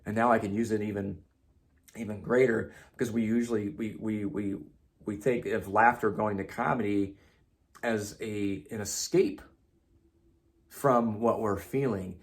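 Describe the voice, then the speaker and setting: A man's voice: on the low side, steady tone, measured pace. A man giving an emphatic spiritual self-help monologue, repeating himself and swearing casually. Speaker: motivational speaker.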